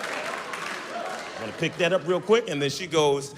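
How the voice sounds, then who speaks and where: A man doing a stand-up set on stage, animated and acting out the people in his stories. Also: fairly high pitch, a little fast, pauses often. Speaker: stand-up comedian. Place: comedy stage. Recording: live venue with big reverb and crowd. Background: audience laughter and crowd noise.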